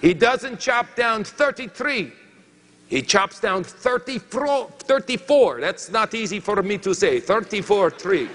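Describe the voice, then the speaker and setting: Man doing a comic French woodcutter, high-pitched and drawn-out, thick put-on accent, long hall reverb. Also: expressive, a bit bright, slight background noise. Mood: storytelling. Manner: halting, broken English, comic timing. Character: boastful French lumberjack man, comic storyteller.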